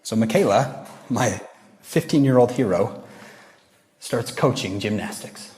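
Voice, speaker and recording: A man giving a motivational religious talk to a youth audience, a lively storyteller who acts out the voices he quotes. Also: mid-range voice, a little slow. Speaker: youth devotional speaker. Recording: reverberant hall.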